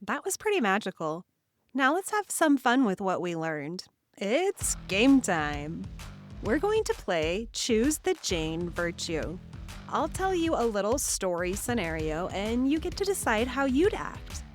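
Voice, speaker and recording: Expressive woman narrating a kids' story. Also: a little high, a little slow, faint music behind. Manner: warm, expressive, second-person narration with quiz prompts. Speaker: children's show host and narrator. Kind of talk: guided storytelling for kids.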